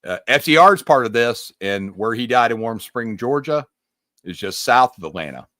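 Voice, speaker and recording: Lively, emphatic man in a dry-sounding room. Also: medium pitch, normal speed, dry recording. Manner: emphatic, rambling, mildly profane. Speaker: podcast co-host. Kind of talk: casual chat, explaining puzzle clues.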